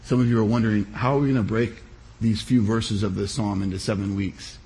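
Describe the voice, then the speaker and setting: A pastor giving a sermon, preaching in a measured, emphatic way with deliberate pauses. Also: male voice, on the low side, steady tone, dark tone.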